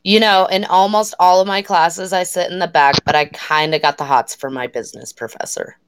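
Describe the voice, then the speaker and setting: This podcast co-host, a woman in her thirties, has a fairly low, clear, resonant voice recorded without echo. Talking fairly quickly, she tells stories with laughs and plenty of profanity in a casual chat.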